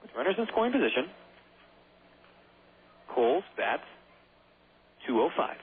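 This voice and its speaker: A hoarse man calling baseball play-by-play on the radio, chatty and rambling, with self-deprecating asides. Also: a little high, big pitch swings, unhurried. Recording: tinny phone-like radio broadcast.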